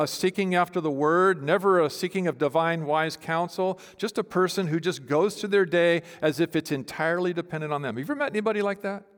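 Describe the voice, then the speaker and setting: A man preaching an expository sermon, emphatic and teacherly, asking the congregation questions. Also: high voice. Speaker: pastor. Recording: long hall reverb.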